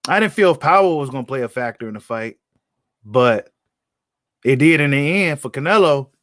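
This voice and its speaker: A man's voice: mid-range voice, expressive, moderate pace, fairly bright tone, dry recording, clean studio sound. A man hosting a casual live stream about boxing, talking in a blunt, slangy way and often repeating his points. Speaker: boxing commentator host.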